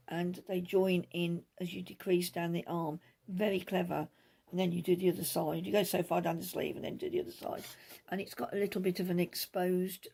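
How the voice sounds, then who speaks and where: A middle-aged woman hosting a knitting podcast, chatting casually in a rambling, quick way with many asides, recorded at home on a camera mic. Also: fairly low pitch, creaky, darkish tone, husky. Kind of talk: casual chat.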